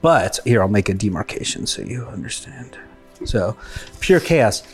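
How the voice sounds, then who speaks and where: A man hosts a comedy podcast with an upbeat, casual delivery, steering his guests through a game. His mid-range voice moves lively in pitch over faint music. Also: moderate pace. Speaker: podcast host.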